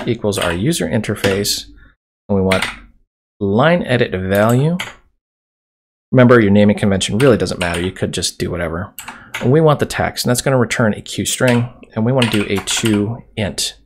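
A man with a low, gravelly voice walks through code in a relaxed, chatty way, thinking aloud as he types. A faint hiss sits under the recording, with keyboard clacks and mouse clicks behind him. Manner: casual, chatty explaining while typing. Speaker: programming tutorial host. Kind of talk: screen-recorded coding tutorial. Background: keyboard typing and mouse clicks.

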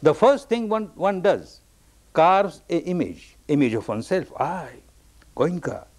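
A man giving an evening meditation discourse as a teacher, telling a story slowly in simple, repeated phrases. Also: high voice, sing-song, a little mellow.

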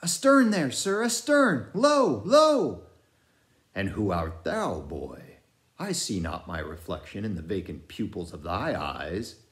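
An obsessed old sea captain in an audiobook, declaiming in archaic phrases with a slow, deliberate delivery, as a man acts him out. His low voice rises and falls widely. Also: huge pitch swings, a bit bright, exaggerated voice. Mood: brooding.

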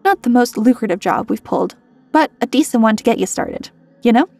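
A woman's voice: on the high side, animated, fairly quick, gravelly, a little mellow, no echo, soft background music. A woman voicing a cheerful, practical female mercenary who chimes in breezily. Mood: breezy. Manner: chipper, chiming in.

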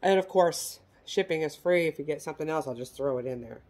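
A woman's voice: low voice, a little fast, a little mellow. A middle-aged woman from the United States chatting casually as she shows handbags for sale, folksy and self-deprecating. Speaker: online reseller showing handbags. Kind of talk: casual product show-and-tell.

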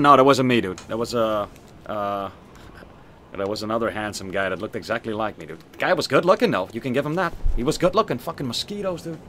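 A young man streaming a video game, swearing, joking and reacting loudly as he plays and reads the chat. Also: mid-range voice, a little hiss or hum. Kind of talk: casual gaming stream commentary.

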